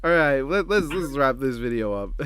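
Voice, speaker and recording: A man's voice: mid-range voice, lively intonation, moderate pace, a bit bright, smooth. A man hosting a casual reaction chat, laid-back and rambling with frequent giggles. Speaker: channel host.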